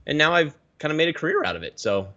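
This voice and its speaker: A man in his thirties from the Pacific Northwest, a guest telling his story in a casual interview with lively swings of pitch. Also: very fast, dull audio. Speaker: guest, reef aquarium YouTuber.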